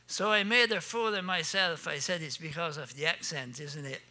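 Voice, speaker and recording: A man's voice: on the high side, moderate pace, bright, forceful tone. An older man with an Acadian French accent telling folksy comic stories on stage, laughing at his own punchlines. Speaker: storyteller.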